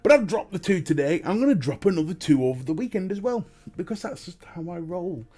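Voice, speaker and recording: A man's voice: high voice, very animated, fairly quick, dark tone. A man with a Northern English accent hosting a casual live stream, chatting and greeting viewers and laughing often. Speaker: live-stream host and vape reviewer.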